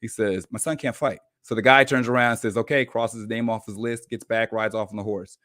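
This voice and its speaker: A man on a podcast as a guest coach, telling a story in an animated, informal way. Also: on the low side, brisk, no echo. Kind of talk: casual storytelling.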